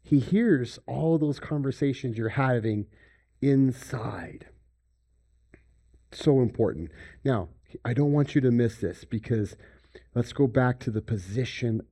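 A man preaching a sermon, swinging between loud emphasis and hushed near-whispers. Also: lowish voice, breathy edge. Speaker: pastor.

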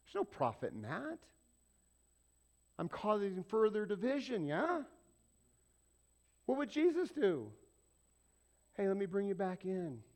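A middle-aged male pastor preaching a sermon in a conversational way, firing off rhetorical questions and acting out little exchanges. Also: on the high side.

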